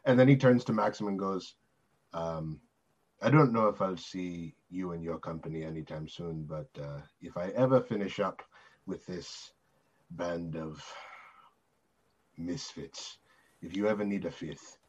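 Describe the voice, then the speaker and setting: Deep raspy guy playing tabletop rpg, slow low-key narrating, muffled lo-fi audio. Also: darkish tone. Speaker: player. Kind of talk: tabletop role-play narration. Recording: dull lo-fi sound.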